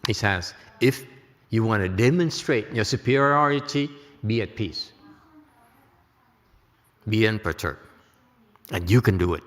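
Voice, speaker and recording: Guy giving a slow buddhist talk, pitch all over the place, big echoey hall. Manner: lively, joking, checks understanding with the audience. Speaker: Buddhist teacher. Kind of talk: dharma lecture. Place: temple lecture hall.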